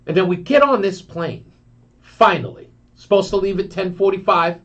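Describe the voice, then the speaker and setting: High-voiced radio guy spinning a story, animated, bit muffled sound. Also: normal speed. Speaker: radio talk host. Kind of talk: storytelling monologue on talk radio.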